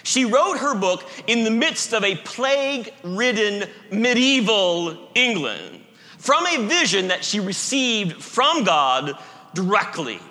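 A male pastor preaching a sermon, emphatic, stretching key words with slow pauses and slipping in self-deprecating humor. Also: high voice, big pitch swings, sharp tone. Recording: echoey hall reverb.

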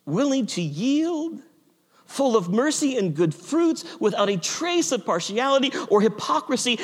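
Male pastor, earnest reflective sermon, high lively voice, hushed soft passages. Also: unhurried, big-room sound. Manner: earnest and reflective, drops to a hushed near-whisper.

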